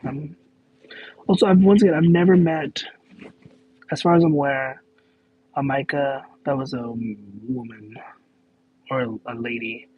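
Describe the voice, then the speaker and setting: A man's voice: medium pitch, steady tone, measured pace, pauses often, slightly rough, narrow, tinny audio. A man chatting casually on a live question-and-answer stream, rambling, stopping to correct himself and laughing in disbelief.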